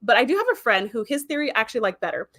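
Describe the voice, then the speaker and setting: A woman's voice: a little high, lively intonation, racing, fairly bright tone. Chatty woman hosting a livestream. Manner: chatty, rambling, reads viewer comments aloud. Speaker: livestream host. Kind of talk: casual livestream chat.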